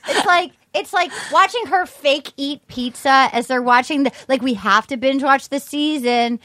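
High-voiced, excitable woman cohost. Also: moderate pace, no echo. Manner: excitable, profane, acts out bits. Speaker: podcast co-host. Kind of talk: casual chat recapping a reality show.

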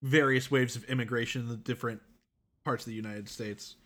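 A man in casual podcast chat with friends, teasing and quick to laugh. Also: mid-range voice, fairly even intonation, a bit bright.

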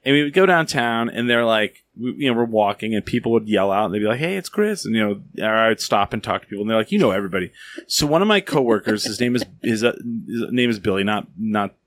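A man's voice: lowish voice, fast, no echo. A man hosting a podcast, chatting casually and telling stories animatedly, acting out the voices of people he quotes. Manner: animated storyteller, acts out quotes. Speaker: podcast host. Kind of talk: casual chat.

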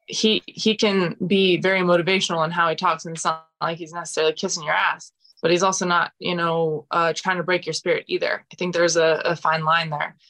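A woman's voice: lowish voice, fairly bright tone. A woman in her forties, a guest fighter talking frankly in a casual interview, with many fillers and restarts. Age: 40s.

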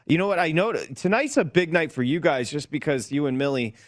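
A man hosting a sports radio show, giving quick updates and chatting casually with his co-host. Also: on the high side, lively intonation, dry recording, clean studio sound. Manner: conversational, reads updates, laughs easily.

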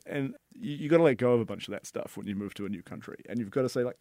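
A man from New Zealand with a New Zealand accent, co-hosting a casual podcast chat, animated and laughing often. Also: mid-range voice, quick pace, gravelly, hardly any pauses, dry recording, studio quality. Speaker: podcast co-host. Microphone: headphones on, studio mic.

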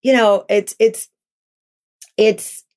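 A middle-aged woman, a talk show host as a guest, telling her story in an interview, earnest and animated, acting out quotes. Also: mid-range voice, extremely slow. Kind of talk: podcast interview.

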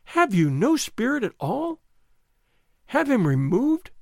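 A man's voice: extremely high pitch, wildly swooping pitch, takes it slowly, creaky, dry recording, clean studio sound, pitched above the performer's own voice, full character voice. A man doing a fiery young noblewoman. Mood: indignant. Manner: indignant, scornful. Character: proud spirited young noblewoman.

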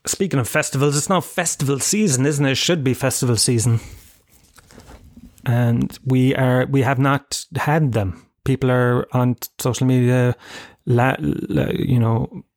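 A man's voice: medium pitch, steady tone, a little slow, no room sound. Irish man, 30s, podcast host, casual rambling chat, profane and self-mocking, dead-dry close mic.

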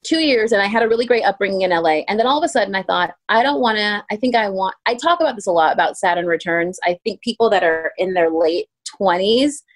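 A woman in her thirties, a pastry chef guest telling stories in a casual interview, acting out quoted voices with sudden pitch jumps. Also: fast talker, hardly any pauses. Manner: animated, acts out quotes with lively pitch jumps. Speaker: guest, pastry chef turned ice cream maker.

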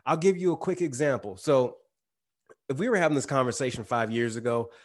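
A man with a slight twang speaks as a guest in a relaxed interview. His voice sits at an ordinary middle pitch. He talks in a loose, slangy way and often restarts his sentences. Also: brisk. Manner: casual, uses slang, restarts mid-sentence. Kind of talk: casual interview chat.

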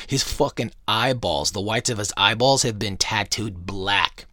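A young adult man hosting a podcast, swearing constantly as he rants loudly about the news and then reads aloud from a book. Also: on the low side, unhurried, few pauses, dry recording, studio quality. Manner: loud, swearing, shouting rants that drop to muttering. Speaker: podcast host. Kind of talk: profane ranting podcast talk and book reading.

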